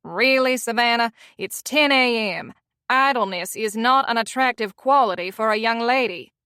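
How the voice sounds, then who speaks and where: A woman voicing a prim, disapproving elderly great-aunt with a gravelly voice and a thick Southern accent. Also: a little high, normal speed, bright, forceful tone, no room sound, clean studio sound. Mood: haughty.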